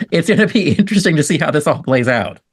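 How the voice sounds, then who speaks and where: Amused man with a slightly high voice. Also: lively intonation, fast talker, husky. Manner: amused, storytelling with quoted asides. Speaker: podcast co-host. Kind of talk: casual conversational commentary.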